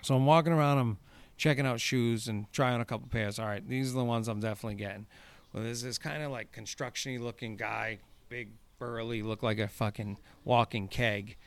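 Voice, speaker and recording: A man's voice: medium pitch, fairly even intonation, brisk, clear, resonant tone. A man hosting a podcast, telling stories in a casual chat, laughing and swearing freely. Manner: laughing, profane storyteller. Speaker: podcast host.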